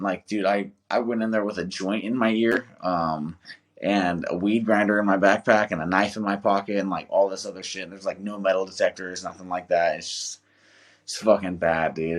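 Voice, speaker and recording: Brief: young American man, lowish voice, loose swearing storyteller, casual podcast guest. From United States. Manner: profane, rambling storyteller, swears a lot. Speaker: guest, volunteer soldier.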